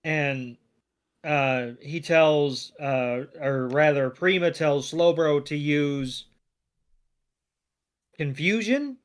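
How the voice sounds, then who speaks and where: A man co-hosting a podcast, recapping a cartoon episode in relaxed, rambling casual chat with many fillers. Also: fairly high pitch, very slow, pauses often, clear, resonant tone. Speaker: podcast co-host.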